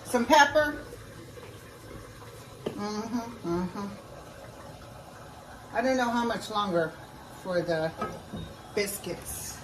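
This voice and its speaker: This home cook's medium-pitched voice is very slow, with frequent pauses. Folksy and chatty with her viewers, she's recorded off-mic from a distance in an echoey kitchen with faint noise as she shows a recipe.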